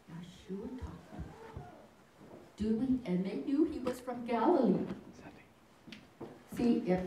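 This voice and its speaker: Animated older woman teaching children. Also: medium pitch. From United States. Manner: animated, sing-song storytelling to children. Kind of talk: children's sermon. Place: large hall of a congregation. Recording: echoey hall, far from the mic, noisy.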